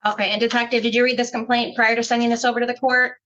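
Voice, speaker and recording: A woman running a warrant hearing who speaks quickly and in a level way. Her voice is high and bright, and she moves through the oath and the questions by rote. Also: little pitch movement, highs cut off. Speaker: court magistrate. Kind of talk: courtroom proceedings.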